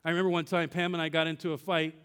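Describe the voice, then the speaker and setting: A man's voice: on the high side, flat delivery, racing, a bit bright, smooth, long reverb tail. A man preaching a sermon as pastor, telling a personal story, acting out dialogue with God and asking the congregation questions. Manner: asks the congregation direct questions.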